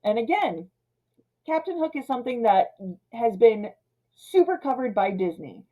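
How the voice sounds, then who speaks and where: Woman in her thirties, film rant, animated retelling, warm mellow tone. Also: on the high side, a little slow, low-quality recording. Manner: animated retelling, slipping into character voices. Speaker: film commentator. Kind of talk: casual movie rant.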